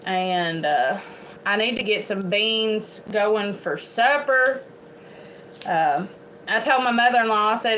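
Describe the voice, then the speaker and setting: Casting: bright-voiced Appalachian woman, rambling homestead vlog chat, faint background noise. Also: medium pitch, unhurried, low-quality recording. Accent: Eastern Kentucky Appalachian. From Eastern Kentucky. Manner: chatty, rambling, laughs often. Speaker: homestead vlogger. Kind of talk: casual chat to camera.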